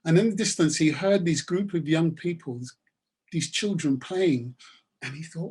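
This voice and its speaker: A man's voice: fairly high pitch, unhurried, darkish tone, breathy edge. A man giving a webinar talk and telling a story in an emphatic, repetitive manner. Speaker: webinar speaker.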